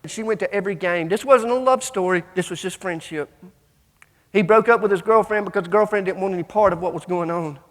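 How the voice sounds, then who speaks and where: A man giving an emotional motivational speech to students, telling stories emphatically and swinging between loud and hushed delivery. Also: high-pitched, fast. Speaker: motivational speaker. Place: large conference hall. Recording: long hall reverb.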